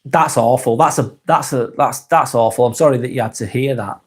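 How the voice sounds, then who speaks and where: A man hosting a live stream, reading viewers' comments aloud and chatting back in a relaxed, easygoing way. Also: medium pitch, a little fast, slightly rough. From England. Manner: laid-back, chatty, trails off softly at phrase ends.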